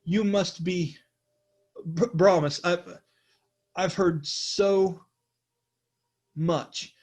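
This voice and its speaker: A man's voice: sits high, fairly even intonation, very slow, darkish tone, full character voice. Nervous stammering scholar, young man, flustered; a male game master voices him.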